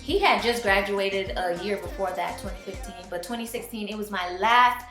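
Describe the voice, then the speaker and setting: A woman in her twenties from Florida, telling a personal story to viewers in an animated, chatty way. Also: medium pitch, normal speed. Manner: animated, addresses viewers as y'all. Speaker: vlogger. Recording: roomy echo with faint music.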